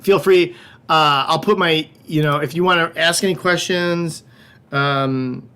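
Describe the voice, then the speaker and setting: A man's voice: a little high, steady tone, a little slow, bright, forceful tone, smooth. A middle-aged man hosting a livestreamed wine tasting class. He talks in a casual, joking, loose way and swears now and then. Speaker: wine shop host.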